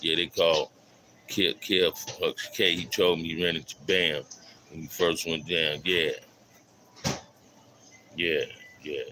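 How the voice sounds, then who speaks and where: Slow and steady with frequent pauses, a deep-voiced middle-aged man hosts a laid-back livestream and reads out his chat. He calls out viewers in loose street slang and repeats his phrases, while background noise runs underneath.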